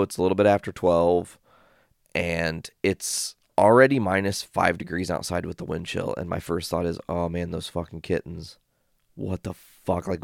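A man's voice: low voice, creaky, no echo, clean studio sound. A man casually telling a long story from home, rambling and swearing often as he retells what happened. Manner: profane, rambling, animated retelling. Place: home studio.

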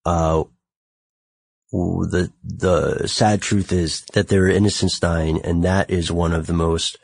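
American male podcast host, very low husky voice, thoughtful, self-mocking. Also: steady tone, takes it slowly, darkish tone, dry recording. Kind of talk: podcast conversation.

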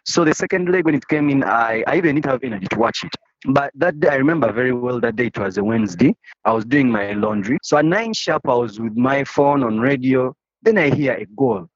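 A Ugandan football fan gives an interview, passionately telling a story while often repeating and restarting phrases. His mid-range voice is lively and fairly quick, and the recording is dry and slightly dull with no room sound.

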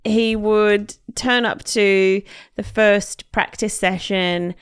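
Taking it slowly, a woman with a smooth, medium-pitched voice retells a story as a podcast co-host. The chat is casual, and she animatedly performs the quotes while laughing frequently.

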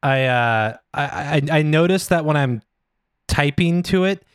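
A male podcast host chatting casually, stumbling through restarts and laughing often. His voice sits a little high and the sound is dry and close. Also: animated, measured pace, clean tone, no room sound. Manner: rambling, many restarts, laughs easily. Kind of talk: casual chat.

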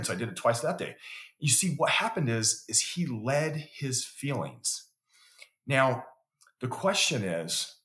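A man's voice: medium pitch, a bit bright. A man talking as a podcast guest, telling stories in an earnest way and often repeating words as he builds to a point. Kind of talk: conversational storytelling. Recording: roomy echo.

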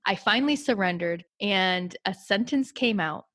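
A woman's voice: medium pitch, animated, moderate pace, a bit bright, dry recording. A woman telling a personal story in casual conversation, reflective and candid, and she laughs easily.

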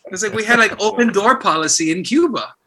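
A man who is a theatre director being interviewed, telling stories in an animated way and often repeating himself. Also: high voice, fast, breathy edge. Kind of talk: casual interview talk.

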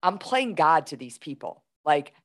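A woman's voice: low voice, big pitch swings, a little slow. A woman in her forties, a guest telling a story in casual talk, animatedly retelling events with quoted dialogue. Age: 40s.

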